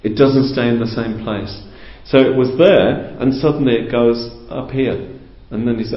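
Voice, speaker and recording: A man giving a calm, conversational teaching talk to a group, explaining patiently and asking rhetorical questions. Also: medium pitch, normal speed, few pauses. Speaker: spiritual teacher. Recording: roomy, dull lo-fi recording.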